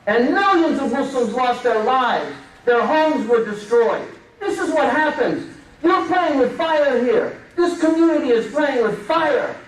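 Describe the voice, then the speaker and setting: Brief: emphatic male preacher, high-pitched voice, heard from a distance. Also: animated, measured pace. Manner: emphatic, rhetorical questions. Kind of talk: sermon. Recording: echoey room, distant mic.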